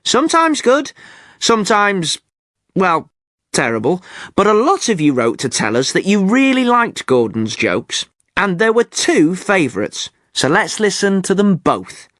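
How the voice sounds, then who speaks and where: A male podcast host presenting a scripted learner show in clear, careful speech with a lively, varied pitch. He sounds lightly amused, recorded on a close, dry studio mic. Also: a little slow, no echo.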